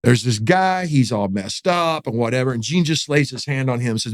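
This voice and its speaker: A man, a pastor telling a story in a podcast interview, animated and acting out quotes. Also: a little fast, dry recording, studio quality. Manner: animated, acts out quotes with rising pitch.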